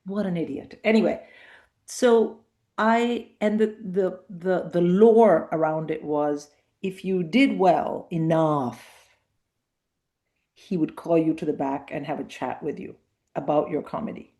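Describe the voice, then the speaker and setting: A middle-aged woman comedian chatting as a guest in a casual interview, telling lively anecdotes and acting out quoted dialogue. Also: on the low side, a little slow.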